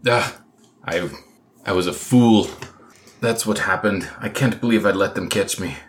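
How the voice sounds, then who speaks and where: A man voices a gruff, bitter old prisoner in a tabletop game, with a put-on Russian-style accent and clipped, broken English. The voice sits low and deep. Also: measured pace, lightly acted.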